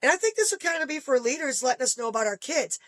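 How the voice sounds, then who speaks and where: High-pitched woman, middle-aged, animated, casual chat, dry recording. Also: fast, no echo. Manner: animated storyteller, acts out quoted voices. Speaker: guest parent. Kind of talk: casual podcast conversation.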